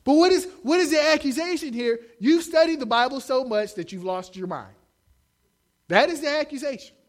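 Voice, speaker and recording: A young man preaching a sermon, animated, acting out the quotes he shouts. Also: very high voice, fairly quick. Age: young adult. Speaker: pastor.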